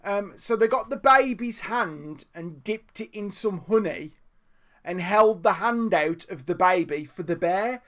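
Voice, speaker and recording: A man and podcast co-host, telling a story in an animated, laughing way during a casual live chat. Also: high-pitched, unhurried. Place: home room, streamed live.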